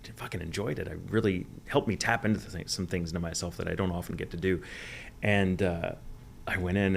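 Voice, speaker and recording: An American man, a guest voice actor, tells stories in a casual interview, animated and swearing freely as he acts out quoted lines. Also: deep voice, fast, creaky, a little hiss or hum. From United States.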